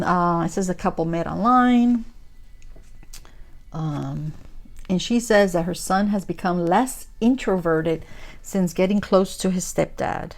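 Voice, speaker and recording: Chatty woman vlogger, lowish voice. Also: creaky. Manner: chatty, retelling a news story with fillers and asides; warm, gushing asides addressed to viewers as guys. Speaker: crafting vlogger. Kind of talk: casual chat while diamond painting.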